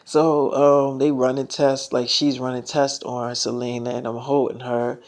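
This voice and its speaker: A man's voice: mid-range voice, flat delivery, a little slow. A man telling a long story in a loose, rambling way, swearing freely and often saying "so she's like". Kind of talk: casual storytelling vlog.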